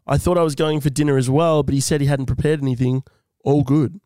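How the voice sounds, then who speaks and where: Bright-voiced guy reading a letter. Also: on the high side, fairly even intonation, fast, few pauses, smooth, no room sound. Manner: jokey, reads a listener letter aloud with asides. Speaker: podcast co-host. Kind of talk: casual comedy podcast chat.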